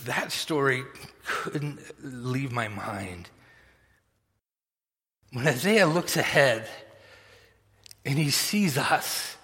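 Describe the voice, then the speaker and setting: A man's voice: mid-range voice, fairly bright tone, big-room sound. A man preaching a sermon, telling a story unhurriedly with chuckles and many fillers. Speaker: pastor. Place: church sanctuary.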